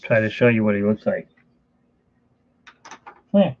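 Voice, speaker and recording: A man's voice: on the low side, lively intonation, a little slow, lo-fi sound. A man chatting casually during a home art livestream, rambling and talking fondly to his cat. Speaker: artist streaming a painting session. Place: home studio.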